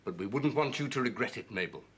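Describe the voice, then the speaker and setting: An actor playing Tom, a wry, theatrical friend of the family, in 1970s TV sitcom acting. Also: male voice, medium pitch, lively intonation, quick pace, a bit bright, natural voice. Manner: arch, teasing, theatrical. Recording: old TV soundtrack with light hiss.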